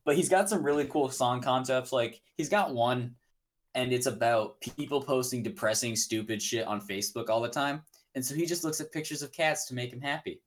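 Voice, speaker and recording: A man's voice: medium pitch, brisk. Young man, casual podcast co-host, rambling, filler-heavy chat. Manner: laid-back, rambling with many fillers.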